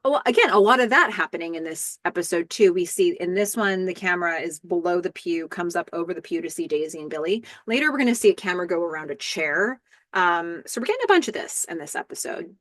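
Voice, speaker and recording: A podcast host with a lowish, expressive, slightly bright voice talks fast through a casual recap, going scene by scene with the odd filler. The recording is dry, with clean studio sound.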